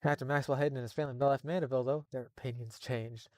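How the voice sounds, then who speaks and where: A man's voice: mid-range voice, fairly even intonation, fast talker, a little mellow, dry recording. A man reading a horror story live, breaking off for exasperated, profane asides. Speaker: streamer reading creepypasta.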